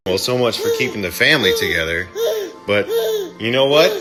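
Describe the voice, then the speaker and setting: A man casually recapping a film play by play, animated, slipping into mock voices for the characters. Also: on the low side, fairly quick, over loud music. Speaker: movie reviewer.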